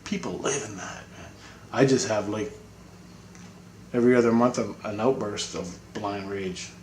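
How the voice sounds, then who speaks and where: A man's voice: fairly low pitch, moderate pace, darkish tone, roomy sound, slight background noise. A man giving a casual, rambling video update, talking bluntly and swearing freely. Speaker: spiritual vlogger.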